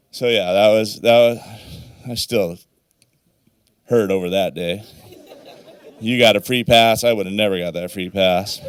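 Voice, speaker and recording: A man's voice: lowish voice, fairly bright tone, clean tone, dry recording. A middle-aged man, the father of the bride, giving a rambling, folksy wedding toast and getting choked up now and then. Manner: rambling folksy storytelling, swears casually; emotional, voice wavers near tears. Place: wedding reception.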